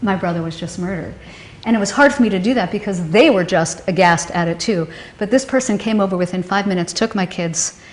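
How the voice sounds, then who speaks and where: Halting, emotional woman in a roomy space. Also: mid-range voice. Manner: halting, emotional, with many restarts. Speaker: storyteller recounting a personal loss. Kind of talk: personal testimony. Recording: roomy echo.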